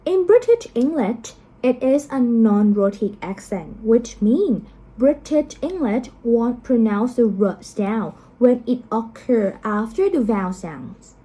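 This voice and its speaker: A woman narrates a lesson in an unhurried, measured way. Her voice sits a little high, and she pauses on soft ums and uhs as she explains each point carefully. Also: animated, rough recording. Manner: slow, careful explaining with frequent um and uh. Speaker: teacher.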